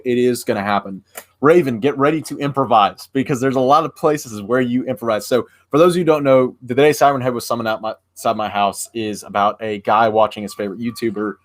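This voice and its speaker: A young man talks casually to his stream audience. He rambles, trails off into fillers and restarts his sentences as he explains things. His voice sits at an ordinary middle pitch. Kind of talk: casual livestream chat.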